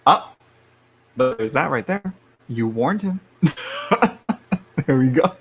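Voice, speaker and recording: A man's voice: on the high side, lively intonation, drawn-out words, pauses often, fairly bright tone, a little hiss or hum. A man doing a casual live-stream tarot reading, chatty and frank, laughing often and sometimes dropping to a murmur. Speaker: tarot reader.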